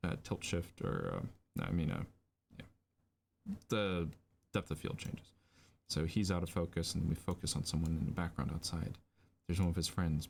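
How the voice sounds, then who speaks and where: A deep-voiced man with a gravelly edge walks through a storyboard as he draws it. His livestream narration is improvised and rambling, full of fillers, with a faint hiss underneath. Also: a little mellow. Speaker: storyboard artist streaming a lesson.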